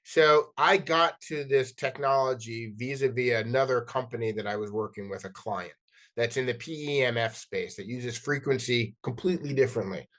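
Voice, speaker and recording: A middle-aged man from New Jersey and New York City, a podcast guest telling animated stories in casual interview talk, often acting out dialogue and restarting his sentences. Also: medium pitch, moderate pace. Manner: animated, acts out quoted dialogue, frequent restarts and "like".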